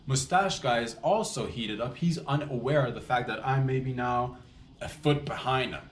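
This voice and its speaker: A man's voice: mid-range voice, moderate pace, reverberant, a little hiss or hum. A man hosting a comedy podcast, telling a story with many restarts and acted-out quotes.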